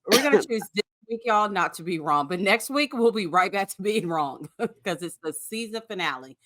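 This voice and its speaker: Brief: woman co-host, swooping, expressive voice, blunt and outspoken, dry close mic. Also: mid-range voice, moderate pace, no echo. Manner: blunt and outspoken, laughs easily. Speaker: podcast guest co-host. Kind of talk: casual reality TV recap chat.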